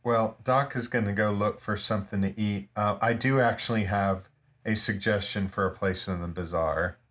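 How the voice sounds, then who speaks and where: A man's voice: on the low side, steady tone, normal speed, a bit bright. A man playing a tabletop game, grumbling and reluctant in a dry way. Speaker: player.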